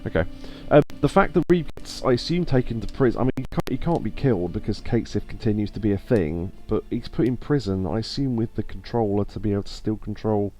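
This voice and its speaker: A man streaming a live video game playthrough, chatting in a rambling way with quick laughs. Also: on the low side, animated, darkish tone, soft background music. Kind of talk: live let's play commentary.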